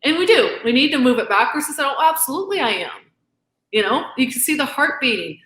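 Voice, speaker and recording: A woman's voice: high voice, sing-song, quick pace, fairly bright tone, reverberant. A middle-aged woman giving an impassioned interview as a guest author, earnest and emphatic, acting out both sides of arguments. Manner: earnest, emphatic, quotes arguments back and forth.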